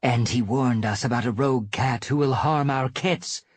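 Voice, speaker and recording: A man's voice: mid-range voice, normal speed, dry recording, pitched above the performer's own voice, lightly acted. A man voicing an alarmed warrior cat who speaks with urgent warning during a live novel reading.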